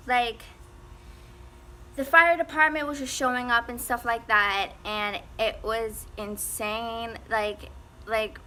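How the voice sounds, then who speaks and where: A woman's voice: fairly high pitch, bright, forceful tone, a little hiss or hum. A teenage girl telling a casual storytime, rambling with lots of fillers and frequent laughs. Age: teens. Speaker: vlogger.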